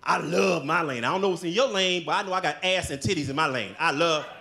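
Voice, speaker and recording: A man performing a brash stand-up comedy set, loud and often shouting. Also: a little high, fast talker, gravelly.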